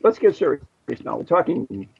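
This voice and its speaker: A man's voice: fairly high pitch, sing-song, moderate pace, gravelly, breathy edge, lo-fi sound. An American man hosting a radio show, joking and rambling with plenty of fillers and restarts. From United States. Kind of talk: casual radio show chat.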